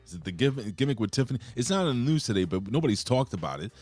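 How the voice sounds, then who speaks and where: A man's voice: mid-range voice, big pitch swings, racing, a little mellow, dry recording, faint music behind. A man co-hosting a casual wrestling review show, rambling and cursing freely with lots of fillers. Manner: loose, profane, rambling with frequent fillers. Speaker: podcast co-host.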